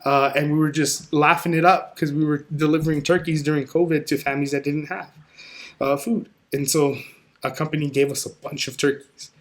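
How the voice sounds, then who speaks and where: A man guesting on a podcast, chatting casually and telling lively stories, acting out what people said. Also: fairly high pitch, brisk. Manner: animated storyteller who acts out quoted dialogue. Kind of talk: casual conversation.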